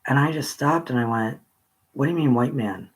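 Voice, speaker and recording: A man shares a story from his youth in a casual, rambling way, stopping and restarting as he goes. Excitement pushes his pitch higher.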